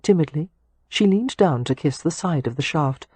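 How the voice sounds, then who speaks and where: Breathy woman narrating a romance audiobook. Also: low-pitched, expressive, normal speed, darkish tone, dry recording.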